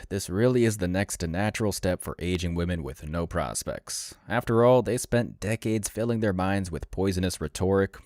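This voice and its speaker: Man, very deep voice, dry close sound, scripted mocking narration. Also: darkish tone, dry recording. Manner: sneering, mocking. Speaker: commentary channel narrator.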